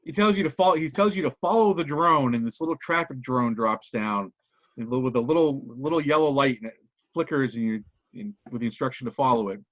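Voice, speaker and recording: A man's voice: medium pitch, brisk, fairly bright tone, dry recording. Male game master narrating an online session; dull dry recording.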